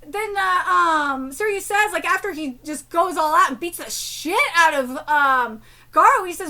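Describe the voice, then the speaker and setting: Woman in her thirties, very high voice, bright and sharp, profane live-stream rant, angry. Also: measured pace. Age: 30s. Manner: ranting, profane and exasperated; rambling with many fillers and restarts. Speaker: streamer reacting to a manga chapter. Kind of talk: live reaction commentary.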